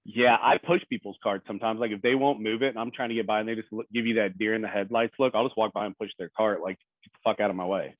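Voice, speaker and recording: A man as a podcast guest in casual chat, blunt and gruff, laughing at himself now and then. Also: lowish voice, fairly even intonation, quick pace, no echo. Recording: tinny phone-like line.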